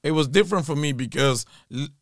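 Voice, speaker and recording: A young man telling stories in a casual chat, animated, laughing often and restarting his sentences. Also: on the high side, quick pace, dry recording, clean studio sound. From Ireland. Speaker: storyteller guest.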